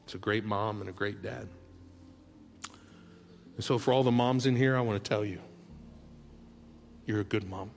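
A man's voice: on the low side, fairly even intonation, normal speed, gravelly, long pauses, a little hiss or hum. Impassioned male pastor preaching. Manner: heartfelt storytelling that swells into loud rallying calls; drops to soft, hushed tones for tender moments. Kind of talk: sermon. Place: large church auditorium. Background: soft background music.

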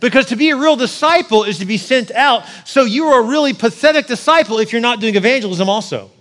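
A man in his forties preaching a sermon with personal stories, animated, joking with the congregation and rising to near shouts at his peaks. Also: very high-pitched. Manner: jokes with the congregation. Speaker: pastor.

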